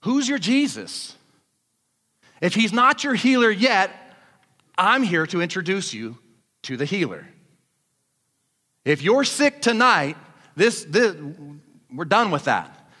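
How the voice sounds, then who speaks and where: A man preaches a fervent sermon, his high voice climbing as he presses his listeners. His tone is bright and forceful, and it carries a long reverb from a big church hall. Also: very animated, takes it slowly, pauses often. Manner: fervent preaching that builds to shouting. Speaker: pastor.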